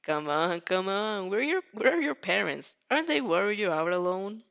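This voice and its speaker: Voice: medium pitch, big pitch swings, normal speed, vocal fry, fairly bright tone, muffled recording. A fanfic reader voicing a cocky young male winged hero who banters and laughs while teasing a child. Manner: playful, bantering, laughing through lines. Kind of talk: fanfic read aloud.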